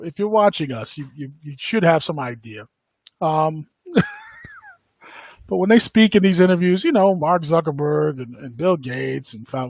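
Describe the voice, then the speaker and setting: A man hosts a podcast in a casual, rambling way, full of fillers and quick laughs. His voice sits a bit high for a man and has a husky edge. The sound is dry and close, with no room around it. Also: no echo. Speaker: podcast host. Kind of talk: casual livestream commentary.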